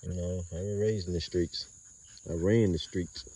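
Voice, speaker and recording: A deep, dark-toned man rambles in loose street talk as he films his dogs outdoors. His voice is husky and mellow. It comes from a phone held a little away from him, with dogs and insects behind. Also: steady tone, moderate pace, far from the mic. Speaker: dog breeder filming his kennel. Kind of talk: casual outdoor vlog narration.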